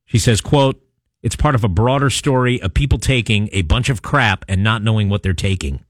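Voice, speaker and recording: Into a studio microphone in a radio studio, a man with a lowish voice reads a news item at a moderate pace and responds to texts. His manner is conversational and wry, peppered with "uh" fillers, and the recording is dry and clean.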